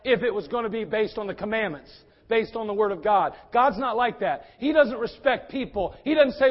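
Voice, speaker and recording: Fiery high-voiced male preacher. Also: animated, brisk, hardly any pauses, highs cut off. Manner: fiery, swings from quiet to shouting. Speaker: pastor. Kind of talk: sermon.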